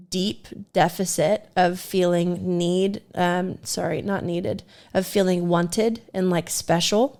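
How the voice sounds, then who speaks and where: Woman, podcast co-host, candid and self-deprecating storyteller who laughs often. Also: mid-range voice. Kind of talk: casual storytelling.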